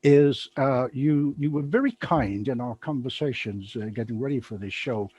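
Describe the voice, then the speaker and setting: A man's voice: mid-range voice, moderate pace, darkish tone, dull audio, slight background noise. A man hosting a live online show, chatting in a rambling, playful way and breaking into giggles. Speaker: host. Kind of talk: casual live show chat.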